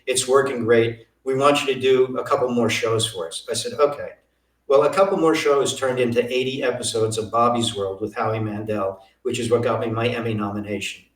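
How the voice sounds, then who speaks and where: An older man, a guest in an interview, telling lively anecdotes and acting out what others said. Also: mid-range voice. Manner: animated anecdotes, acting out quoted voices. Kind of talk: storytelling interview. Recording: roomy, from a distance.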